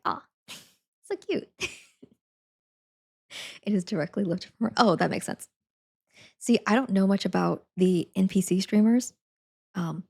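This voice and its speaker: A woman's voice: medium pitch, vocal fry, a little mellow. A young woman streamer chatting casually, rambling with lots of fillers and frequent giggles. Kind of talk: casual chat.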